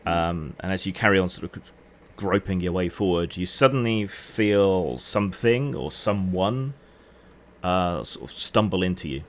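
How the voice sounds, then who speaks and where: A man running an online tabletop game as game master, narrating scenes in a relaxed, descriptive way. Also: sits low, unhurried. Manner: relaxed, descriptive, hedging with "sort of".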